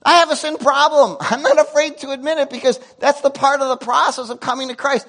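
A man preaching a sermon to a congregation, animated, with loud emotional peaks and quiet asides. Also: extremely high pitch, fairly quick. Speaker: pastor. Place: church sanctuary before a congregation.

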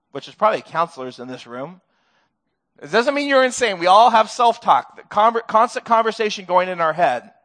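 A man's voice: extremely high pitch, fairly bright tone. A middle-aged man preaching a sermon to his church, earnest and conversational, with touches of self-deprecating humor. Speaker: pastor. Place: church sanctuary.

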